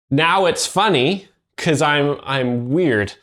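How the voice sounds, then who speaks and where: A man hosting a show where he explains comedy, talking in a dry, halting way with many fillers. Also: a little high, a bit bright. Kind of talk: deadpan commentary.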